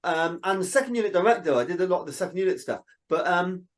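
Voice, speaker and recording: A man's voice: sits high, fast talker. Chatty man telling stories. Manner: animated storyteller, quotes people in dialogue. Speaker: interview guest, filmmaker. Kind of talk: casual interview chat.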